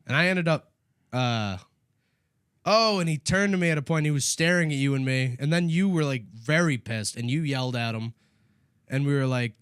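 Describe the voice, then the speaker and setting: A man co-hosting a podcast, telling a story in casual chat, animated and profane, acting out what others said. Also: medium pitch, fairly quick, smooth, no echo, studio quality. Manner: animated, profane, acts out quoted voices. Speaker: podcast co-host.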